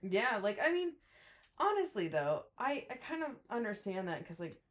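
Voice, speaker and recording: A woman's voice: medium pitch, big pitch swings, moderate pace, fairly bright tone. A woman co-hosting a book podcast, chatting casually, often acting out characters' lines and swearing now and then. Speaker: podcast co-host.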